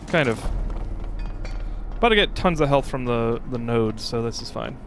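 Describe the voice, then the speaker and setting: A young man streaming a video game, reacting loudly and chatting with his viewers. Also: mid-range voice, normal speed, pauses often, noisy background. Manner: excitable, shouts exclamations, chats to viewers. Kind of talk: casual gameplay streaming with chat. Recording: game music playing behind.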